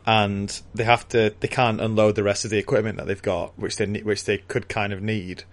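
Low-voiced man recapping a story. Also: little pitch movement, fairly quick. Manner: rambling, laughs often, many fillers and restarts. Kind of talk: casual chat recapping a book chapter.

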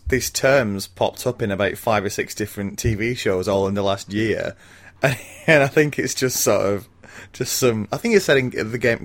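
A man in his thirties co-hosting a casual film podcast, often laughing and talking with many fillers and restarts. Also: lowish voice. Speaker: podcast co-host.

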